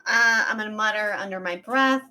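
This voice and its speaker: A woman playing a tabletop game, describing her character's actions in a relaxed way with fillers. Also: mid-range voice, fairly quick. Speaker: player. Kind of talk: casual tabletop play.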